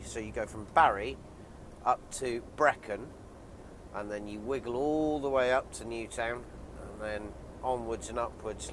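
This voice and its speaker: Nursing a head cold, this man rambles through a chatty, um-filled vlog as a lorry driver, talking from his cab on the road and then from a hillside outside. He has a mid-range, fairly bright voice, and a little hiss or hum sits in the recording.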